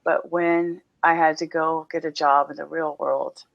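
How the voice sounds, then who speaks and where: Middle-aged woman guest, animated storyteller, laughs a lot, casual podcast chat. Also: deep voice, a little slow, vocal fry, dull audio.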